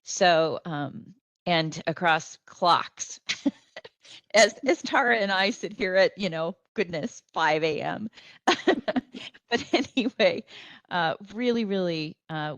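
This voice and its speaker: Woman on a video call, halting. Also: low voice, a bit bright, no echo. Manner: hesitant, many ums and restarts. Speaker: panelist on a remote link. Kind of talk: panel discussion.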